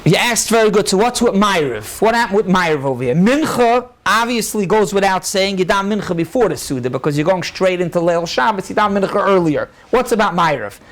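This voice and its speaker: A male rabbi giving a halachic lecture to a live audience. He explains briskly, quotes sources, answers questions and mixes many Hebrew and Yiddish terms into his English. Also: high voice, animated, a bit bright. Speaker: rabbi teaching a class.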